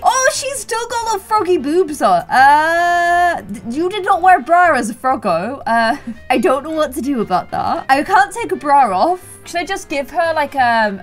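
A young woman giving giggly, playful commentary over her life-sim game. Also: high voice. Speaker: gaming YouTuber. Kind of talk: casual gameplay commentary.

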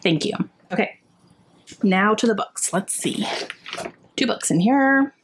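A young adult woman in casual, excited chat as she unwraps gifts for her book vlog. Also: medium pitch, slow, a little hiss or hum. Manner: excited and chatty, gasping and laughing often. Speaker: book vlogger.

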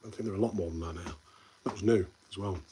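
On a casual live stream, a deep-voiced man with a Midlands English accent talks fast, with background noise behind him. He rambles and replies to viewers' comments, keeping up friendly banter and calling them mate.

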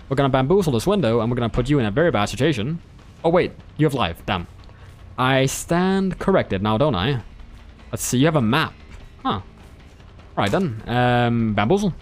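A man's voice: medium pitch, expressive, unhurried, pauses often. A man giving playful, joking commentary over his own gameplay, talking to the players he chases and laughing at his own lines. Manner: playful, joking, self-amused. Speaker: gameplay streamer. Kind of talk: live game commentary.

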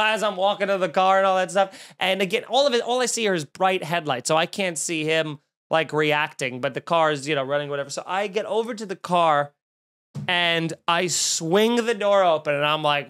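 Young man, comedian podcast host, high pitch, profane, exasperated, animated storytelling. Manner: profane, exasperated, acts out quotes loudly. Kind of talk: animated comic storytelling rant.

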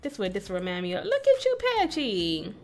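A woman's voice: medium pitch, wildly swooping pitch, moderate pace, background noise. Chatty woman narrating a game. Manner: chatty, playful, talks to the game characters. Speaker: gaming video host. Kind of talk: casual let's-play commentary.

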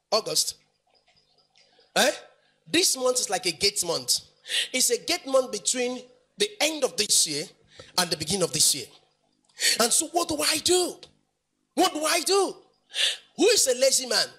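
A man's voice: extremely high pitch, sing-song, moderate pace, long pauses, bright, forceful tone, husky. A male pastor, preaching emphatically in a sing-song way, repeating phrases and asking the congregation questions. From Nigeria. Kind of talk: preaching sermon.

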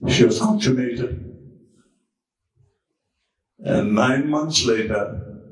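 Slow dramatic preacher in an echoey hall. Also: male voice, mid-range voice. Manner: dramatic, swings between hushed and shouting. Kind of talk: dramatic storytelling sermon. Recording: very echoey room, far from mic.

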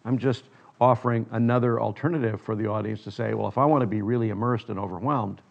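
A man's voice: lowish voice, gravelly, lo-fi sound. An older man, a filmmaker, telling stories in a reflective interview, often quoting others in his anecdotes.

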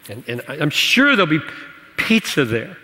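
A man preaching and answering questions in a church teaching session, animated and playful, laughing at his own jokes. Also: a little high, moderate pace. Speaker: pastor. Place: church hall. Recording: church hall reverb.

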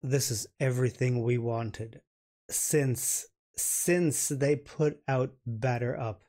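Slow-talking, gushing reaction host. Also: male voice, mid-range voice, fairly even intonation, warm tone. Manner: gushing, halting, repeats words. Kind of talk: excited reaction commentary.

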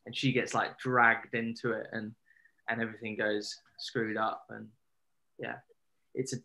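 A man, an actor, chatting as a guest over a video call in a relaxed, rambling way with many fillers. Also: lowish voice, unhurried, creaky. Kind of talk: casual interview chat.

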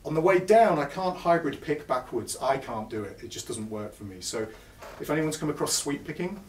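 Here a guitar clinician with a fairly high, lively voice moves at a brisk clip through a self-deprecating, conversational lesson for shoppers in a music store. Guitar riffs come between his lines, captured from afar in an echoey shop.

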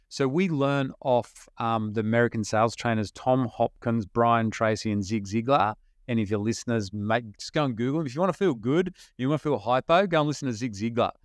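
A middle-aged Australian man, a podcast guest, telling business stories in an animated, storytelling way with quick bursts and laughs. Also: mid-range voice, no room sound, studio quality. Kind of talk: storytelling interview talk.

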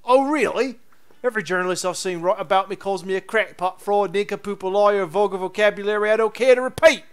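A man's voice: a little high, a little fast, smooth, pitched below the performer's own voice, lightly acted. A man voicing a pompous, indignant old male professor explorer while reading game dialogue aloud, with a huffy, dismissive manner.

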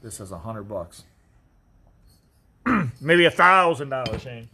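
A man works as an auctioneer and talks his way through boxes in a casual, joking manner, breaking into excited exclamations. His voice sits at an ordinary mid pitch. Crinkling paper and clicks sound clearly behind him. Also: slow pace. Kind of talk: casual unboxing commentary. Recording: noisy background with crinkling.

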